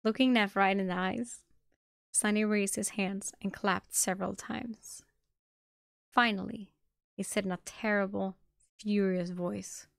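A woman streamer reading a novel aloud with a dramatic delivery, sometimes breaking into excited reactions. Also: mid-range voice, gravelly, no echo, clean studio sound. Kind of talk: live-streamed audiobook reading.

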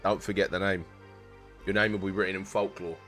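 A man's voice: sits low, little pitch movement, a little fast, fairly bright tone, soft background music. A young man chatting casually with his live-stream viewers while gaming, joking around and using slang. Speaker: game streamer.

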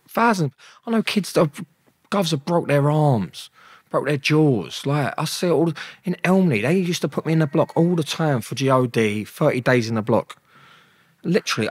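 This man has a fairly high, slightly rough voice on a dry recording. A London-accented interview guest, he tells stories bluntly and with slang, swears plenty and acts out conversations.

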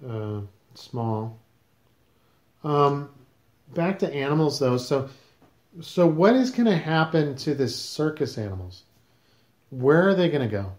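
A man's voice: a little high, very animated, slow pace, long pauses, reverberant. A man hosting a casual podcast, questioning his guest in a teasing, mock-serious way. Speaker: podcast host.

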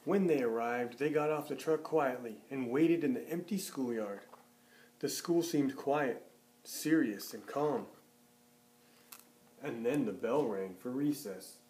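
In a slow storybook read-aloud, a man brings a children's picture book to life, voicing characters higher and trailing off low and gentle at the close of his sentences.

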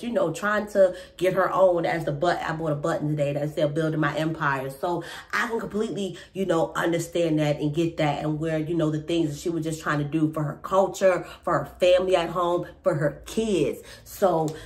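Chatty low-voiced woman recapping TV. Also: steady tone, normal speed, few pauses. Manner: rambling, chatty, lots of fillers and restarts. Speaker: reality TV recap host. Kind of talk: casual recap chat.

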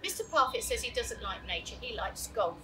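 An eager, excitable little girl, her voice lifting brightly as she chatters about her plans, as a woman reading a storybook puts her on. The recording has clear background hiss and a slightly distant mic. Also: on the high side, a little fast.

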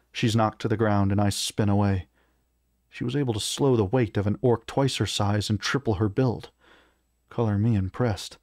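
A man's voice: on the low side, dry recording, clean studio sound. Man reading fantasy aloud. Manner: steady first-person narration with small stumbles. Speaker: reader of a novel.

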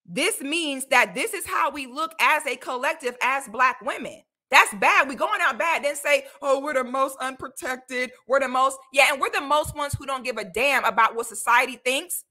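A woman from Florida hosting a casual commentary livestream, talking bluntly and animatedly with loud exclamations. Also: sits high, lively intonation, normal speed, hardly any pauses. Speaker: livestream host.

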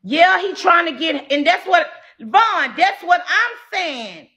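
A combative woman livestreamer tears into her chat in a loud, profane rant. Her voice sits high and sounds bright and sharp. Her pitch swoops all over the place as she talks. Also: lively intonation, slow. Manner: brash and profane. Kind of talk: ranting to live chat.

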